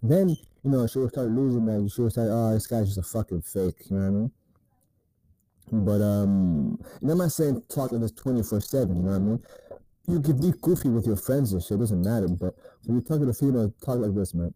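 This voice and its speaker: A man in a casual advice vlog, talking in a very dark, mellow voice. He swears constantly and tacks "man" onto his sentences in a loose, drawling delivery. The sound is dry and close, with no room echo. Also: fairly low pitch, animated, brisk. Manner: crude, profane, repeats "man" often. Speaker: dating advice host.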